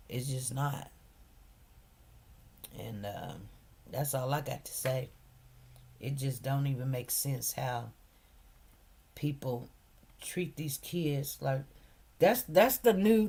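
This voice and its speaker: Slow, emphatic woman telling a story. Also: rumbling low, darkish tone. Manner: emphatic, repeats phrases, addresses viewers as "you guys". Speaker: commentary channel host. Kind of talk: casual storytelling to viewers.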